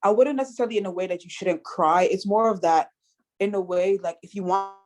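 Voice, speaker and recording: Brief: woman participant, quick delivery, rambling and filler-heavy, mid pitch. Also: faint music behind. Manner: talks it through, many "like"s, rushed. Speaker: discussion participant. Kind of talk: casual online group discussion.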